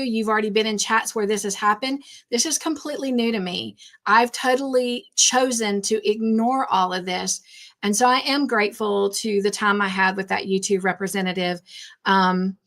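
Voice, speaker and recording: A woman's voice: medium pitch, steady tone, moderate pace, fairly bright tone. A woman hosting a craft livestream, chatting casually and rambling, repeating herself when nervous. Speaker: craft channel host.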